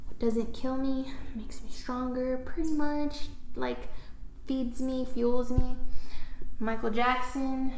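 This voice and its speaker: A woman's voice: a little high, vocal fry, slight background noise. A woman hosting a casual solo podcast about a book, chatting and thinking aloud with fillers, in a room at home with posters on the wall. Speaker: podcast host. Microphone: handheld microphone carried around.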